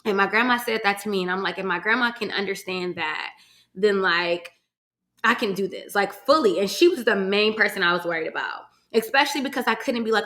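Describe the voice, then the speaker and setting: A young woman from Virginia talks straight to her listeners in a bright, sharp-edged voice, mid-pitched for a woman. She tells a personal story in a loose, chatty way, full of y'all and casual swearing, and now and then she fights back tears. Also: lively intonation, brisk. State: emotional, holding back tears at times. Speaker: podcast host. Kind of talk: casual solo podcast storytelling.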